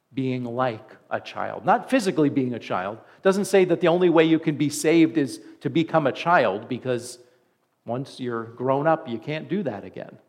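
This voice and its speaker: A man's voice: medium pitch, a little mellow. A man preaching a sermon as pastor, earnest and conversational, with emphatic repeats.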